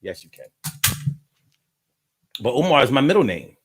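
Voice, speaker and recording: A man chatting casually on a live stream, telling stories in an animated, slangy way, repeating his phrases and reading out viewer comments. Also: medium pitch, normal speed, husky.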